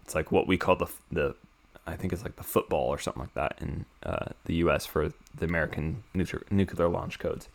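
A young man co-hosting a podcast, casually recapping a film in a rambling, excitable way and swearing freely. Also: low voice, brisk, gravelly. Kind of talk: casual chat.

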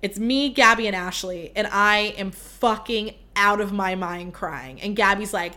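A woman's voice: medium pitch, measured pace, hardly any pauses, bright, forceful tone. A young woman hosting a podcast, telling a story in a rambling, casual way, full of fillers and swearing. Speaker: podcast host.

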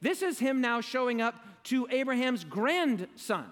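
A man's voice: extremely high pitch, big pitch swings, measured pace, fairly bright tone, in a large hall. A man preaching a sermon to a live audience, emphatic and leading them in call-and-response.

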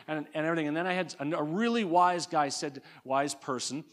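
Fervent man preaching, high voice. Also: brisk. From Alberta, Canada. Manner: earnest, fervent, frequent restarts and repeated words. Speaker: guest preacher. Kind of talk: sermon.

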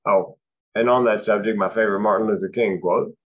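A man's voice: on the low side, fairly even intonation, a little fast. A man, a comedian and speaker, telling personal stories about depression with dry, punchline-driven timing. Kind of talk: comic storytelling on mental health.

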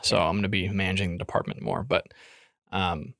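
A man's voice: low-pitched, brisk, creaky, a bit bright, dry recording, clean studio sound. A young man co-hosting a podcast, chatting casually and joking around. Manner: joking, teasing. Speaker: podcast co-host. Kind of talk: casual chat.

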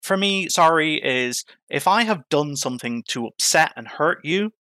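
A man speaking as a podcast guest, telling his story reflectively, with many pauses, fillers and restarts. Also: on the high side, expressive, bright, forceful tone, no room sound. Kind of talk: candid interview conversation.

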